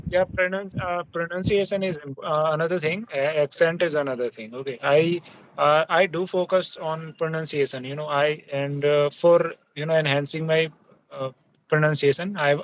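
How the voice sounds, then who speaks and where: Man, slightly high voice, halting casual talk, dull lo-fi sound. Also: steady tone, dry recording. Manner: hesitant, many fillers and restarts. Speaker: host. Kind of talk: casual conversation practice. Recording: muffled lo-fi audio.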